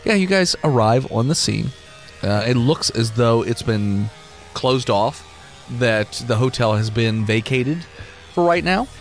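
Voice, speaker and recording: A man's voice: mid-range voice, expressive, a little slow, faint music behind. A man running a tabletop game as game master, talking in a casual, laid-back way and swearing. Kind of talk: tabletop role-play podcast.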